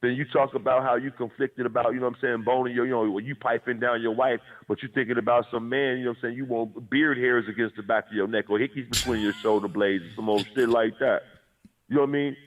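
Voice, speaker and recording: Over a tinny, phone-like line, a man calls into a chat show as a guest and talks in a heated, profane, blunt way, even describing himself as aggressive and abrasive. His mid-range voice moves at a quick pace with fairly even intonation.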